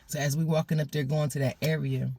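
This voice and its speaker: A woman telling a personal story in a casual, animated way, laughing often and repeating phrases. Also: sits low, quick pace, husky.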